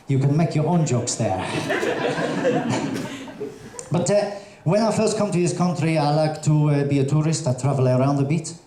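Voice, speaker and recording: A man doing a stand-up comedy set on a theatre stage, telling jokes in a hesitant, halting way with many fillers. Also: on the high side, dark tone, slight background noise. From Russian parents, raised in Colombia. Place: theatre stage before a live audience. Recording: echoey theatre with audience ambience.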